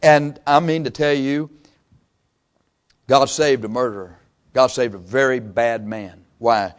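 A man preaching a sermon, impassioned and emphatic, swinging from loud peaks to quiet asides and repeating phrases for emphasis. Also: mid-range voice, steady tone, a little slow, clear, resonant tone.

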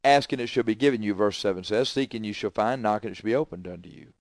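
A middle-aged man preaching a sermon, emphatic and repetitive, swinging between loud declarations and quiet asides. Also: on the low side, fast talker, no echo, studio quality.

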